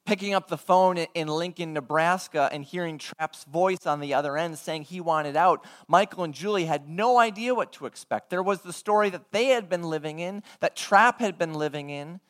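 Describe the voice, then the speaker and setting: A man preaching a sermon, telling a story in an earnest, measured way and acting out the dialogue. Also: a little high, fairly bright tone.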